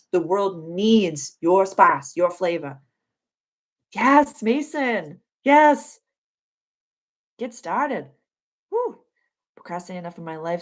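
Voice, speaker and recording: A woman in her thirties talks casually to her live-stream viewers, her voice sitting a little low. She is effusive and encouraging, in the gentle manner of a spiritual coach. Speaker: astrologer hosting a weekly live stream.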